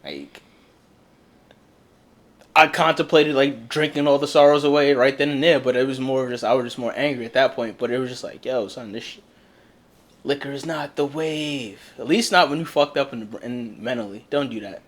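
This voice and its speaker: A young man co-hosting a casual podcast, telling a personal story in a blunt, profane, animated way. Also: medium pitch, fairly quick. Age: young adult. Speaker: podcast co-host. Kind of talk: casual candid chat.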